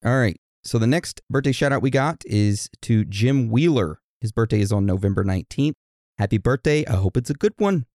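A man co-hosting a podcast, reading birthday shout-outs in a joking, self-deprecating way. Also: medium pitch, lively intonation, a little fast, dry recording, clean studio sound. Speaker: podcast co-host.

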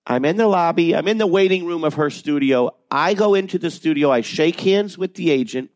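A man who works as a voice actor, telling animated, self-deprecating stories in a casual interview and swearing freely. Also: on the high side, brisk, dry recording. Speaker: voice actor guest.

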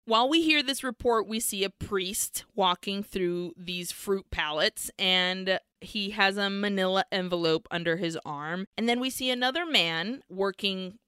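A woman co-hosting a podcast, recapping a film in animated, casual storytelling with swearing. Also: mid-range voice, unhurried, hardly any pauses, clear, resonant tone, no room sound, studio quality. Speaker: podcast co-host.

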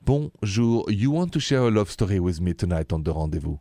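A man's voice: lowish voice, big pitch swings, dry recording, clean studio sound. A man with a French accent hosting a late-night radio call-in show, chatty and openhearted. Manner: warm-hearted, chatty, repeats the phone number slowly. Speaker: radio host.

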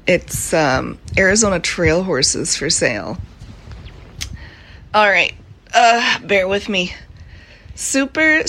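A woman with a sleepy morning voice reads haltingly and in a slow drawl, lying in bed at home. She sounds as if she is recording into a phone. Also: on the low side, fairly bright tone. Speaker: listener sending a recorded ad.

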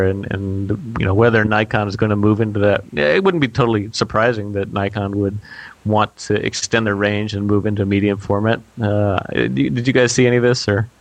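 A man with a lowish voice hosts a photography podcast in easygoing chat. He talks in a relaxed way and often stops to restart a phrase. The sound is dry and close, with almost no room. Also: no echo. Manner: relaxed, halting, many restarts and fillers. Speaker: podcast host. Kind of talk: casual chat.

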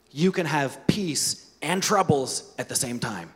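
A man's voice: a little high, lively intonation, unhurried, few pauses, a bit bright, slightly rough, long reverb tail. A man preaching a sermon, earnest and conversational, asking his listeners rhetorical questions. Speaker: pastor.

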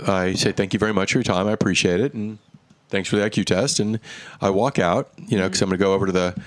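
A man casually telling a long anecdote in conversation, with quick asides and the odd swear. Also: deep voice, steady tone, no room sound. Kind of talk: casual storytelling chat.

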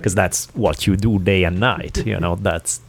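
A man with a fairly low voice hosts a casual podcast conversation. He talks in an easygoing, agreeable way. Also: fairly even intonation, a little slow, vocal fry, soft background music. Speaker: podcast host.

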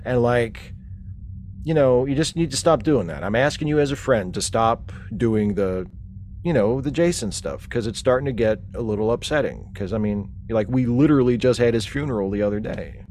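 Man playing a grieving young guy, rambling and fed up, mid-pitched, faint hiss behind. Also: expressive, normal speed, darkish tone, lightly acted. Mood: frustrated. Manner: rambling, frustrated, heavy with fillers. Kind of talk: comedic audio drama acting.

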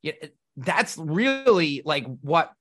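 Podcast guest, male, bright and forceful tone, slightly high, blunt and profane storyteller. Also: very animated, slow. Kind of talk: casual conversation.

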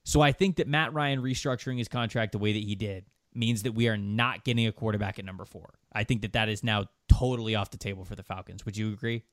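A man's voice: on the low side, steady tone, fast, hardly any pauses, no echo, studio quality. A man co-hosting a casual sports podcast, making emphatic points and firing rhetorical questions. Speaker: podcast co-host.

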